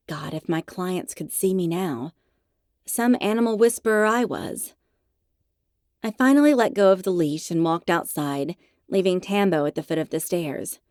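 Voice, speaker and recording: A woman's voice: fairly low pitch, normal speed, darkish tone, no echo. A woman narrating a first-person audiobook in a wry, self-mocking storytelling manner, close to a studio mic.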